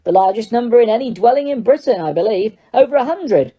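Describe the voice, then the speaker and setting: A woman's voice: fairly high pitch, lively intonation, fast talker, mellow, husky, voice pushed up. A woman voicing a fussy, genteel male ghost who is chatty and a little pompous, in an audiobook reading. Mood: prim. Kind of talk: audiobook character voice.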